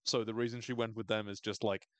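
A man's voice: fairly low pitch, flat delivery, a bit bright, dry recording. A man hosting a podcast, casually recapping a TV episode in a chatty, wry way. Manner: chatty, wry, acts out characters' lines in quick voices. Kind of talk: casual chat.

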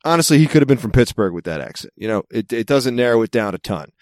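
A man's voice: medium pitch, animated, fast, darkish tone, no room sound, clean studio sound. A man with a Mid-Atlantic American accent, telling rambling, wry stories in casual chat with a co-host. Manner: rambling storyteller, wry and self-amused. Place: California.

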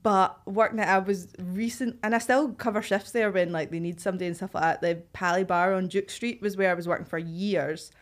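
A woman's voice: medium pitch, fairly quick, few pauses. A woman from Glasgow with a Glaswegian Scottish accent, a podcast guest chatting casually and acting out the people in her stories. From Glasgow, Scotland. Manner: animated storytelling, acts out quoted voices. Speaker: podcast guest, actor and writer. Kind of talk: casual chat.

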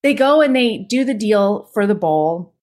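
A woman co-host retells a novel's plot in an easygoing, conversational way. She uses fillers and drops in quoted asides, and her pitch stays in a middle range. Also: expressive, measured pace, a little mellow. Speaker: podcast co-host. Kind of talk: casual book recap chat.

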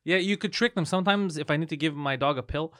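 Male comedy co-host, quick and bright, teasing, dry close mic. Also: a little high, dry recording. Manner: teasing, quick jokes, swears freely. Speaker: podcast co-host. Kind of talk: casual comedy podcast chat.

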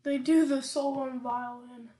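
A woman's voice: high voice, fairly even intonation, normal speed, dark tone. A woman hosting a podcast, chatting casually about a song in a hesitant, giggly way that often trails off. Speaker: podcast host. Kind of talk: casual music reaction chat.

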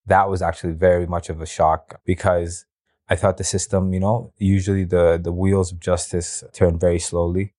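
A man with a low voice tells his story casually, acting out dialogue with plenty of fillers. He sounds set back from the mic in an echoey room. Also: little pitch movement, moderate pace, darkish tone. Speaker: interview guest telling his story. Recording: roomy, distant mic.

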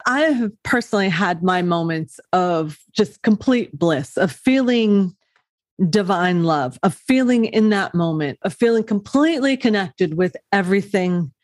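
A woman's voice: medium pitch, lively intonation, unhurried, a little mellow, no room sound, studio quality. A woman hosting an interview, asking eager, chatty questions. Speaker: host, a mother.

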